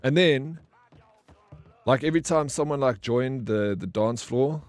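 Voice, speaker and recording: A man's voice: medium pitch, measured pace, no echo, clean studio sound. A man chatting on a live game stream, telling stories casually with slang and swearing, acting out the people in them. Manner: animated storyteller acting out quoted people.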